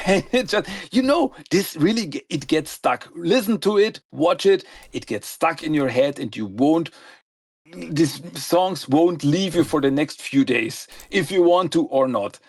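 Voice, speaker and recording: A man's voice: a little high, gravelly, dry recording. A man co-hosting a podcast, chatting enthusiastically and rambling with frequent laughs. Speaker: podcast co-host. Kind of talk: casual podcast chat. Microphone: podcast microphone, audio only.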